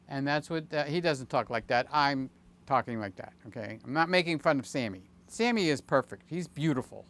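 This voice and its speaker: A man in his late sixties hosting a casual livestream, chatting in a rambling, jokey way with many fillers and sudden excited jumps. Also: mid-range voice, normal speed, smooth. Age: 60s. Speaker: channel host.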